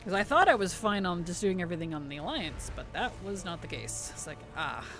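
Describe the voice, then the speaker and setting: A man's voice: high voice, expressive, fairly quick, fairly bright tone. A man chatting casually on a game live stream, answering viewer chat with easy laughs. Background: background music.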